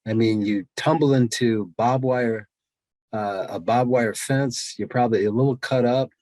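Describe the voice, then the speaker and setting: A man hosting a talk show interview, recapping the guest's story and prompting him with quick asides. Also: medium pitch, a little mellow, no room sound.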